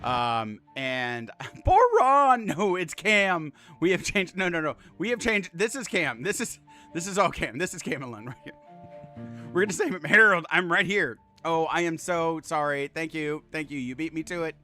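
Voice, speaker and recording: Excitable streamer man, bright voice. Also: on the high side, normal speed, faint music behind. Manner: excitable, swears often, laughs a lot, affectionate to chat. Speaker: game streamer. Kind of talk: casual live-stream chat.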